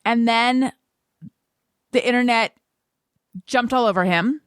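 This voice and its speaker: A woman's voice: fairly high pitch, slow pace, clear, resonant tone, no room sound, studio quality. A woman hosting a podcast in casual chat, asking curious questions. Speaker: podcast host.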